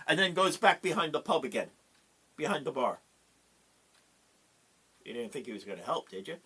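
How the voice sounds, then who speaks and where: A man telling a folk tale aloud in an animated, dramatic way with pauses. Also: on the high side, slightly rough. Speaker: storyteller.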